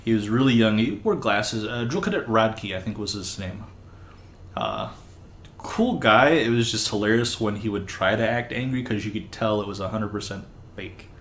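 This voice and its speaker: A man in his thirties hosting a casual chat, recalling stories in a relaxed, rambling way. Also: on the low side, normal speed. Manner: relaxed, rambling, many fillers. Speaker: podcast host. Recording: roomy with faint background hiss.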